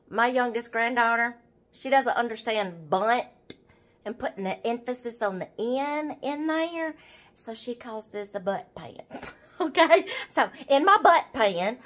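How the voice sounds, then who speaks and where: An older woman with a Southern US accent films a casual cooking demonstration in her home kitchen, her voice sitting high with a fairly bright tone. She chats with viewers throughout, calling them y'all and repeatedly checking okay.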